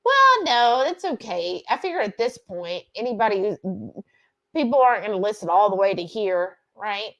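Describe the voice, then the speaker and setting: A woman's voice: mid-range voice, very animated, moderate pace, a bit bright. A woman hosting a cooking livestream, chatting casually and animatedly, reading out viewer comments and laughing often. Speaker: livestream cooking show host.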